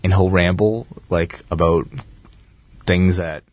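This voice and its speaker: Calm monotone man with a very low voice. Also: takes it slowly, dry recording. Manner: monotone, calm, rambling delivery. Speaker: podcast co-host. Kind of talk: casual chat.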